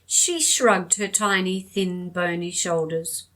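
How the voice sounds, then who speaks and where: Woman narrating an audiobook, measured. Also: fairly low pitch, a bit bright, poor audio.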